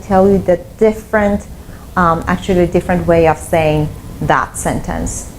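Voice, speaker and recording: A woman's voice: medium pitch, a little mellow, a little hiss or hum, low-quality recording. A woman teaching an online English lesson, explaining step by step and repeating her examples. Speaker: English teacher and language school founder.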